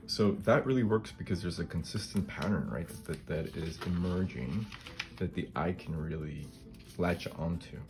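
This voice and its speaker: Over background music, a middle-aged man with a low-pitched voice speaks at a moderate pace while demonstrating a craft. He's a collage artist and channel host who thinks aloud casually and keeps tagging his comments with a questioning "right?".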